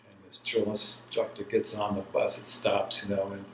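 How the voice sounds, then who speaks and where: A man's voice: fairly low pitch, little pitch movement, normal speed, a bit bright. A man in his sixties from New York, an army veteran telling his life story in an oral history interview, rambling and laughing as he goes. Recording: roomy with faint background hiss.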